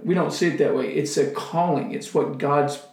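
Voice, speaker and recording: A man's voice: a little high, fairly even intonation, moderate pace, a little mellow, slight background noise. Earnest man telling his story in an echoey room. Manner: earnest, emotional storytelling, acts out his own prayers. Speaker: missionary guest. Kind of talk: testimony in casual conversation.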